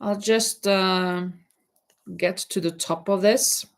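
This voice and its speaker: A woman's voice: mid-range voice, steady tone, slow pace. A woman hosting a casual livestream, chatting to viewers while she knits, talking in a rambling, hesitant way and often restarting her words. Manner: chatty, addresses viewers directly. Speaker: livestream host.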